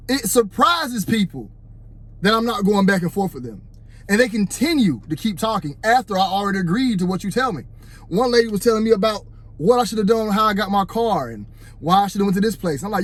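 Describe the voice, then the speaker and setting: A man with a fairly high-pitched voice gives his take into a phone held close. He sounds casual but preachy, speaking straight to the guys watching. He keeps circling back to his point with conversational fillers. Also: lively intonation, fairly quick, a bit bright. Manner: preachy, addresses "fellas", repeats "you know what I'm saying". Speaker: vlogger. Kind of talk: casual opinion monologue.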